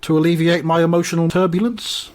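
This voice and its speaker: A man doing a comic impression of a soft-spoken male politician who talks slowly and formally. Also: on the high side, steady tone, voice pushed up, close to an everyday voice. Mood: creepy mild. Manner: slow, mild and oddly formal. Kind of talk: improvised comic storytelling.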